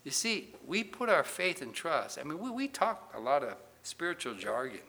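Guy preaching in church, emphatic, punchy questions, crisp bright voice. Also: a little high, big pitch swings, normal speed. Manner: emphatic preaching, rising loud on questions and Bible quotes. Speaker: pastor. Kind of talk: sermon.

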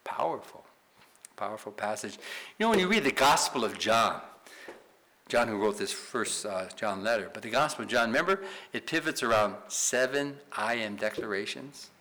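A man's voice: on the low side, expressive, normal speed, pushed and bright, rough recording. A man teaching a Bible study in sermon style, emphatic, asking rhetorical questions and tagging points with "right?".

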